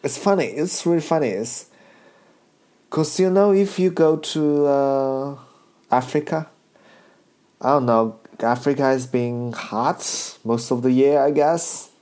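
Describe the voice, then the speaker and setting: A man doing a casual comedy monologue, halting, with broken grammar and many restarts. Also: medium pitch, a little mellow. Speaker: stand-up comedian.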